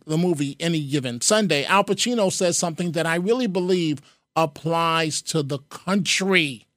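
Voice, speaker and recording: A man's voice: a little high, a bit bright, dry recording, studio quality. Earnest male talk radio host. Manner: earnest, repeats phrases, fillers. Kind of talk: talk radio call-in show. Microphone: studio mic.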